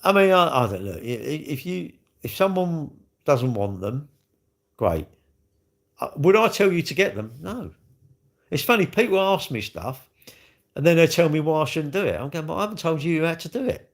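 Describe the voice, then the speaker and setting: A man's voice: a little high, big pitch swings, normal speed. A man hosting a livestream, chatting casually and joking with viewers in a rambling way. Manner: rambling, jokey banter. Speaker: livestream host.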